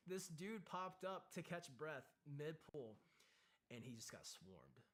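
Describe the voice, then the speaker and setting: A man, a military veteran, telling a candid story with intense, profane emphasis and acting out shouted lines as he goes. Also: a little high, sing-song, slow pace. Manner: acts out shouted quotes in the story.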